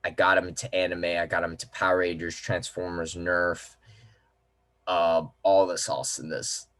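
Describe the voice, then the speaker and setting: A young man talking to his viewers in a casual, rambling vlog, repeating himself and filling pauses with "um" and "you know.". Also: low voice, flat delivery, fairly bright tone. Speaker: vlogger.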